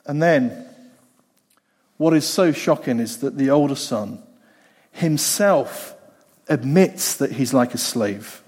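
A man's voice: medium pitch, lively intonation, takes it slowly, long pauses, darkish tone, husky. A man preaching a sermon in a conversational way, repeating phrases for emphasis. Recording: long hall reverb.

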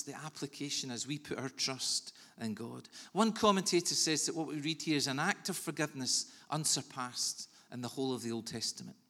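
A man preaching a sermon in an earnest, measured way with soft pauses. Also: fairly high pitch. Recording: long reverb of a large hall.

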